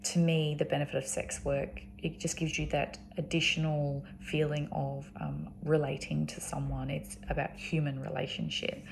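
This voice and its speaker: A woman's voice: deep voice, little pitch movement, moderate pace, vocal fry, hardly any pauses, a little hiss or hum. An Australian woman talking casually and rambling, with lots of ums and restarts. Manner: frequent ums and restarts, chatty. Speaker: vlogger.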